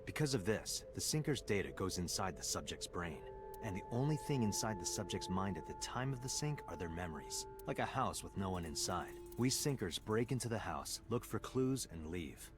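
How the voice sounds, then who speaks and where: Brief: deep, deadpan game detective, very low voice, clear game music behind. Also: male voice, normal speed. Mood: explaining. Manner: flat, clipped, explanatory. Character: gruff adult male detective, dry and matter-of-fact. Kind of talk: video game voice acting.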